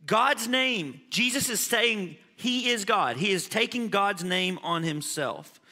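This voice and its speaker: Man, pastor preaching, high voice, bright tone, long hall reverb. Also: slow, few pauses. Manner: animated preaching, swings from loud emphasis to quiet asides. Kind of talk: sermon.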